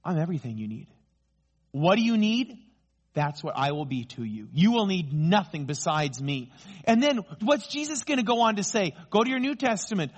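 Emphatic higher-voiced male preacher. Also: husky. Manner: emphatic, slows down for key phrases, rises in pitch when excited. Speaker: pastor. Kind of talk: sermon.

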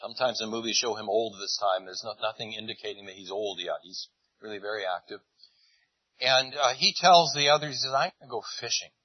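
A man's voice: on the low side, a little fast, no echo, muffled recording. A man preaching a sermon, retelling a Bible story in a conversational, storytelling way. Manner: conversational storytelling, retelling scenes in lively voices.

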